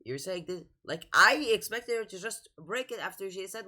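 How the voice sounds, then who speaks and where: A woman's voice: medium pitch, expressive, moderate pace, hardly any pauses, pushed and bright. A young woman hosting a reaction video, casually and with exasperation talking back at the clip she is watching. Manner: exasperated, talks back at the screen.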